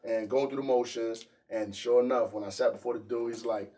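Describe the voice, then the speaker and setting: A man's voice: medium pitch, a little fast. A man telling a long anecdote in casual chat as a podcast guest, with lots of fillers. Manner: animated anecdote, filler-heavy. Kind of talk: casual storytelling. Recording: voice from far off the mic.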